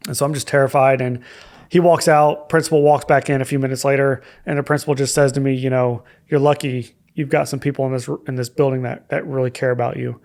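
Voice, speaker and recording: Young guy on a podcast, gravelly low-key voice, pretty flat, telling his story honestly with lots of ums. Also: quick pace. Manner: candid and reflective, with hesitant fillers. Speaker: podcast guest. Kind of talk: personal story in a podcast conversation.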